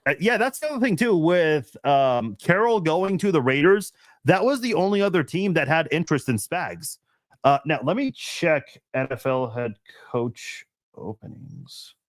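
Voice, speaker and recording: A man's voice: on the high side, lively intonation, unhurried, no room sound. Laid-back man rambling on a dry live stream. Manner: rambling, laid-back, laughs often, many fillers and restarts. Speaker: live-stream host answering chat. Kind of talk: casual live-stream chat.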